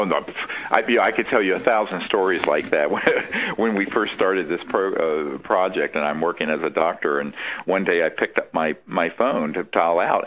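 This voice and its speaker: A man's voice: sits low, fairly bright tone, a little hiss or hum. A man, a guest in an interview, telling anecdotes with occasional laughter over a phone-like line. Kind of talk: casual storytelling interview.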